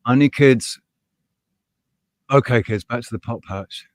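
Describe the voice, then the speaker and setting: A live show host with a medium-pitched voice and a measured pace talks casually on a livestream, rambling passionately. His voice rises when he gets heated. There's no echo.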